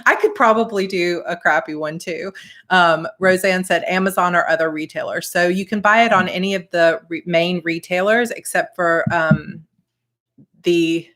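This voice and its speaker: A woman in her thirties with a light Georgia Southern accent and a slightly low voice. She chats casually and effusively with viewers on her live stream, reading out their comments as she goes. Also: fairly bright tone. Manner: chatty and effusive, reads viewer comments aloud. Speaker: author hosting a live stream.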